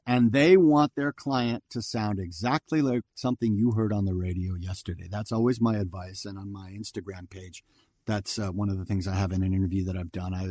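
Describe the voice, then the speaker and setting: A voice actor in his fifties, guesting on a laid-back interview, tells chatty stories and mimics other people's dialogue while recounting. His voice runs low with a darkish tone, and there's no room sound.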